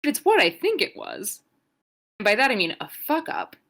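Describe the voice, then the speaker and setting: A woman's voice: mid-range voice, huge pitch swings, moderate pace, fairly bright tone. A young adult woman co-hosting a podcast, giving a sarcastic, profane, rambling play-by-play recap. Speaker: podcast co-host. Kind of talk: casual wrestling recap.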